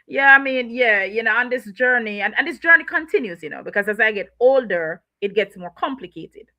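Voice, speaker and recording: A woman guest on an interview show, speaking with a bright, forceful tone and a slightly high voice. She talks in a conversational way, repeating words and laughing often. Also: animated, fairly quick. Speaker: guest author.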